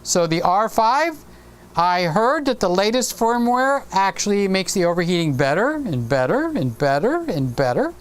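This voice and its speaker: A man's voice: high voice, big pitch swings, normal speed, clear, resonant tone. A man in his sixties hosting a casual live stream, rambling chattily and reading viewer comments aloud. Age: 60s.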